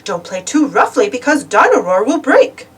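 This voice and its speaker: A woman voicing a jolly, doubtful father pig in a lower, softer fatherly voice, recorded from a distance. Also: very animated, moderate pace, slightly rough, exaggerated voice.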